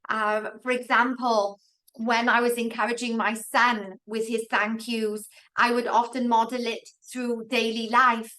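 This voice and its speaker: A woman with a fairly high voice hosts a parenting webinar over a video call. She speaks in a measured, affirming way, building on the guests' points. She backs them up with small examples from everyday life. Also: little pitch movement, sharp tone. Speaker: webinar moderator and school educator.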